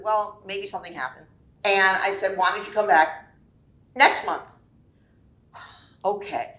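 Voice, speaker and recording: A woman clairvoyant medium giving a chatty, animated talk and acting out the quotes in her stories. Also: medium pitch, reverberant. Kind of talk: personal storytelling talk.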